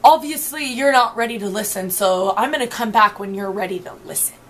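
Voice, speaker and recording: A woman's voice: medium pitch, fairly quick, a little hiss or hum, natural voice. Smug male doctor, condescending, patronizing, dismissive, as a woman quotes him.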